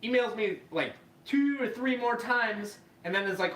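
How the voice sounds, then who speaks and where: Bright, echoey man telling a story. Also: sits high, normal speed, hardly any pauses. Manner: profane, animated, acts out quoted voices. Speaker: podcast host. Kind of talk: casual storytelling. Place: live podcast room. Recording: echoey room, mic far off, faint noise.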